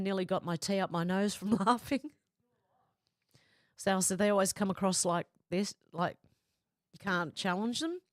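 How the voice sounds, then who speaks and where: Woman streamer, chatty, low-pitched, dry close-up mic. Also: dry recording. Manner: reads viewer comments aloud, chatty and laughing. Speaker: livestream host reading chat. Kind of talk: casual livestream chat. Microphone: close desk microphone.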